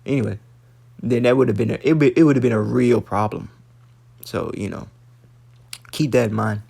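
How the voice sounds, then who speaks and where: A man's voice: medium pitch, fairly even intonation, moderate pace, gravelly, warm tone, slightly rough. A man giving a blunt, profane casual rant as an online commentator, stumbling and repeating words, citing scripture. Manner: blunt, emphatic, swears often, repeats words; preachy, cites scripture. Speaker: online commentator reading news.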